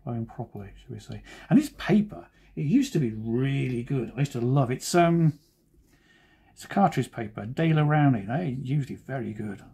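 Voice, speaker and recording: A man talks through his drawing in a relaxed, chatty way, often making fun of himself. His voice is mellow and a little husky, and his pitch rises and falls in a lively way as he jokes. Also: normal speed. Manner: joking, self-deprecating asides. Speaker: cartoonist.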